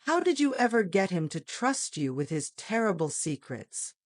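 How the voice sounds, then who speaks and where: A woman's voice: medium pitch, very animated, normal speed, no room sound, studio quality, natural voice. A woman reading the part of a curious young woman agent who asks hesitant, questioning lines. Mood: puzzled.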